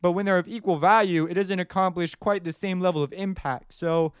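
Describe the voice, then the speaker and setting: A man's voice: sits high, fairly even intonation, brisk, clean tone, dry recording, studio quality. A man teaching music production in a casual, rambling way, often singing rhythms aloud as he explains. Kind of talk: screen-recorded tutorial explanation.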